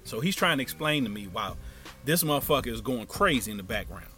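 A man telling a wild story from his past in casual, profane speech, dropping to a hush and then rising loud. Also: medium pitch, fast, soft background music. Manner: animated, profane, swings from hushed to loud.

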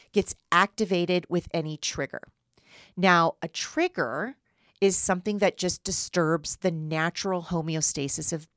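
A woman hosts a solo podcast, talking in an earnest, explanatory way. Her voice sits a little low, and the recording is dry and close with no room sound. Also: no echo. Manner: earnest, explanatory, often asks "right?". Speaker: podcast host and human design coach. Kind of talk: solo podcast teaching talk.

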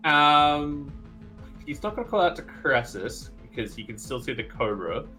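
A man's voice: mid-range voice, animated, moderate pace, pushed and bright, poor audio. A man playing a tabletop game, talking hesitantly with many fillers, with faint music behind. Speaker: player.

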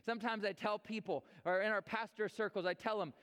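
Male pastor, high voice, sermon, long church reverb. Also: moderate pace. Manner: reads scripture, then preaches with energetic repeats. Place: church sanctuary.

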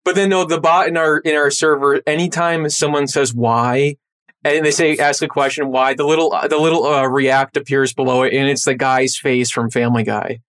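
A man hosting a podcast, telling stories in a casual, animated way. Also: medium pitch, moderate pace. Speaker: podcast host. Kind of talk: casual chat.

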